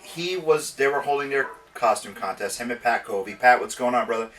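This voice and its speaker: A man's voice: medium pitch, brisk, a bit bright, a little hiss or hum. A man hosting a casual geek talk show, rambling through stories with lots of restarts. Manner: rambling storyteller, restarts and self-corrections. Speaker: podcast host. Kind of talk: casual chat. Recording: distant from the mic.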